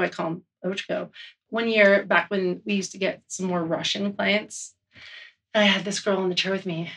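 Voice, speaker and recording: Animated woman telling a story, distant mic. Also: medium pitch, slightly rough. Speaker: snowboard instructor colleague. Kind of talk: interview anecdote.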